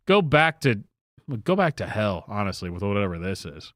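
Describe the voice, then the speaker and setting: A man's voice: medium pitch, unhurried, pauses often, a bit bright, no room sound, clean studio sound. A man from the American South with a Southern accent, hosting a commentary channel and giving a casual, emphatic rant full of restarts and fillers.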